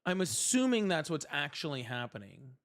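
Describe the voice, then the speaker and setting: A man's voice: on the high side, very animated, moderate pace. A young man hosting a casual livestream, chatting with viewers, thanking them and laughing often. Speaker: livestream host.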